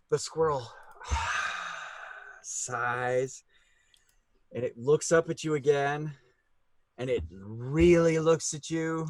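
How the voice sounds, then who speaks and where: A man narrating as game master, talking haltingly with many fillers and laughing easily, over a video call. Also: medium pitch, dry recording.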